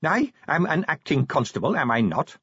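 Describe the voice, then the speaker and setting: A man's voice: a little high, sing-song, moderate pace, fairly bright tone, slightly rough, no room sound, voice pushed up, heavily acted. A man voicing a small, prim male clerk who speaks formally and stiffly, on a dull recording. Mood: earnest.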